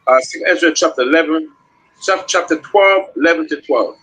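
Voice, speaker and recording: Husky man, slightly high pitch, halting bible-study talk. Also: fairly bright tone, poor audio. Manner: hesitant, halting. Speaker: participant in a scripture study. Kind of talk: casual scripture discussion.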